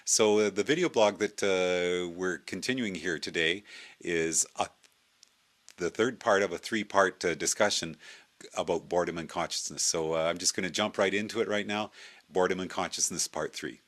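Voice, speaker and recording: Low-voiced man reading his own book. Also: normal speed. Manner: hesitant with frequent uh fillers and restarts; steady reading aloud. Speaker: video blogger.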